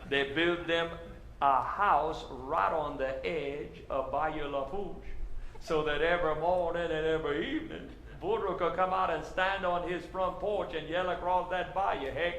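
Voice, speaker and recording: A man's voice: fairly high pitch, a bit bright, reverberant. A man with a Cajun accent telling folksy stand-up stories to a live audience. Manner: folksy, conversational storytelling. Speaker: comedian.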